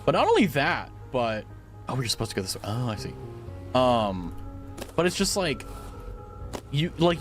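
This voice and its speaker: A young man streaming a game at home on a dynamic mic, chatting casually in a rambling, filler-heavy, giggly way. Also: medium pitch. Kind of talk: casual gaming stream chat. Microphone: studio dynamic mic.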